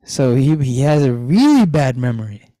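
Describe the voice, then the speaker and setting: A man's voice: mid-range voice, sing-song, moderate pace, dark tone, no room sound, poor audio. A young man teaching children an online class, telling a story and asking them questions, repeating the key lines. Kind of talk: storytelling lesson to kids.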